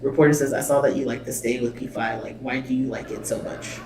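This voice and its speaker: This reaction-video host talks fast in a steady, mid-range voice over background music, bluntly remarking and reading subtitles aloud with swearing and exasperation. The sound is echoey, with the mic at a distance and faint noise.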